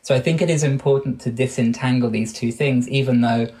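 A man in his thirties with an English accent, talking as an interview guest. His voice sits at an ordinary middle pitch, and his delivery is considered and searching, full of small restarts as he reworks each phrase. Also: fairly even intonation, fairly quick, mellow. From Wales. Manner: thoughtful, frequent restarts and self-corrections. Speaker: guest researcher. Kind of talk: podcast interview conversation.

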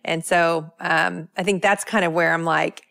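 A thoughtful woman co-hosting a podcast discussion. She has a low voice with a gravelly edge, and the sound is dry and close. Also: fairly even intonation, unhurried, a bit bright, no echo. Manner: thoughtful, asks questions and builds on the others' points.

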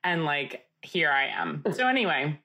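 A young woman talks casually as a podcast co-host, full of swearing. Her voice sits fairly low but leaps up high and lively when she mimics others. She tells the story in an animated, off-hand way. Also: measured pace. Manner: animated, profane, jumps up in pitch for quoted voices.

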